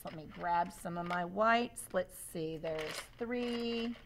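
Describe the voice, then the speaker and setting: A woman's voice: fairly low pitch, takes it slowly, slight background noise. A woman teacher walking students through a math demonstration, upbeat and asking them questions as she goes. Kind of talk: classroom demonstration lesson.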